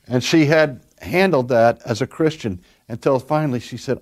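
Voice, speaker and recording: An older man, a pastor, preaching a sermon and telling stories, dropping his voice soft and then pushing it strong for emphasis. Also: fairly high pitch, moderate pace. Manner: storytelling, varies loudness from soft to emphatic.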